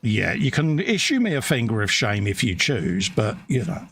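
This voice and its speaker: A middle-aged man from the UK, hosting a relaxed live hobby chat and reading viewer comments aloud with friendly banter. His voice has a gravelly edge and swings lively up and down in pitch. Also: normal speed. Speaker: livestream host. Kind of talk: casual chat.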